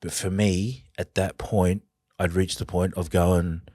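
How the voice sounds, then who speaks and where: An Australian man, a podcast guest, telling his personal story in an earnest, halting, emotional way. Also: deep voice, little pitch movement, warm tone, no room sound, clean studio sound.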